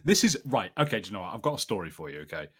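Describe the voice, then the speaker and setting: A man's voice: lowish voice, sing-song, rapid-fire, slightly rough. A man co-hosting a podcast, chatting easily about a TV episode and telling stories, laughing often. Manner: easygoing, laughs often, storytelling. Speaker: podcast co-host. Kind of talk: casual chat reviewing a TV episode.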